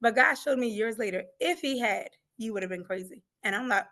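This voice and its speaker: A woman's voice: high-pitched, fairly quick, hardly any pauses, sharp tone. A middle-aged woman, a grief coach, passionately telling her story of faith with acted-out quotes. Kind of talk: emotional personal testimony.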